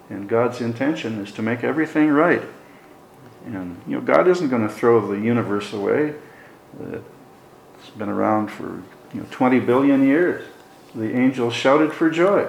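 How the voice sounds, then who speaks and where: A man's voice: medium pitch, vocal fry, reverberant, slight background noise, rough recording. A middle-aged man preaching a sermon in a conversational Bible-teaching manner, with folksy asides.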